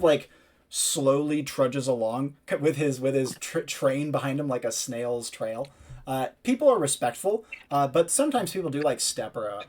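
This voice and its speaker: A man's voice: mid-range voice, a little mellow. A man narrating as game master of a tabletop role-playing game, describing scenes loosely with many fillers.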